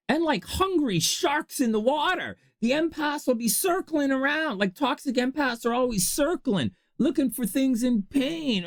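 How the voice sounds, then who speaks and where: Vlog host, casual advice monologue, very lively pitch, dry close sound. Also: measured pace, few pauses, no room sound. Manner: animated, laughs often, swings between low asides and high exclamations. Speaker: channel host.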